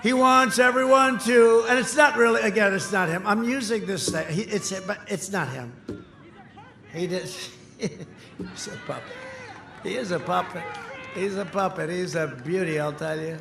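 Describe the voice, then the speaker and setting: A man giving a boastful, mocking campaign rally speech from a podium microphone, repeating lines and shouting them out to the crowd. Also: high-pitched, moderate pace, vocal fry. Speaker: candidate speaking at a campaign rally. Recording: echoey sound system with crowd noise.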